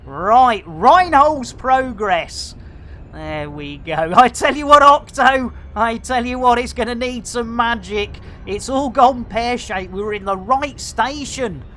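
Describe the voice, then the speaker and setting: A woman in her fifties streaming a video game live, bantering exuberantly with viewers and bursting into shouts. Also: mid-range voice, slight background noise. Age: 50s.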